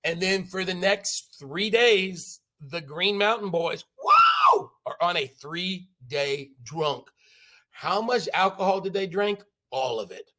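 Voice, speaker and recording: A man teaching a history class, telling the story in an animated, jokey way with sound effects. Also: high-pitched, takes it slowly, raised voice.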